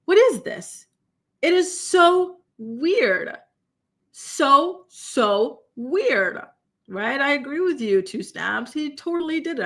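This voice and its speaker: A woman hosting a live commentary stream, talking in an animated, incredulous, exclamatory way and reacting to her chat. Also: on the high side. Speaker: commentary show host.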